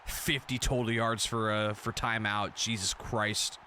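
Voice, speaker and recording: A young man streaming a football video game, commentating the plays in a casual, excitable and profane way, often breaking into shouts. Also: lowish voice, measured pace, slight background noise.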